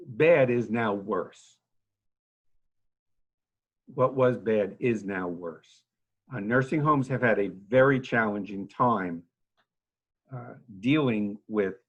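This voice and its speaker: An older man in his sixties speaks earnestly over a video call, his husky, somewhat low voice halting often with fillers and restarts. He sounds like a seasoned head of an agency addressing a civic club. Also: a bit bright, lo-fi sound. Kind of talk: informal talk to a civic club.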